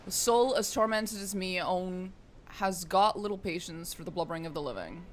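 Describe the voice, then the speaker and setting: A woman's voice: lowish voice, expressive, moderate pace, slight background noise, lightly acted. A woman voicing a menacing old male ghost pirate in a game, in a theatrical put-on pirate voice that drifts toward a drawl. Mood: scornful.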